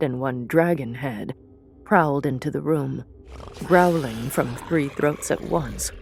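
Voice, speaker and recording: A woman narrating a fantasy story in a measured, deliberate way. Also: low voice, darkish tone, dry recording, clean studio sound. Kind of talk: audiobook narration of a fantasy serial.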